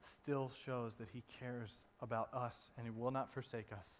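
A man preaching a sermon in a conversational way, dropping soft and low to stress a point. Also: steady tone, unhurried, a little hiss or hum. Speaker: pastor. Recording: long reverb in a hall.

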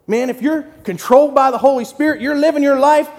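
A man giving an excited, conversational sermon in short punchy phrases as a lay preacher in a church. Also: very high voice, a little fast. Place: church sanctuary. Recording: long hall reverb.

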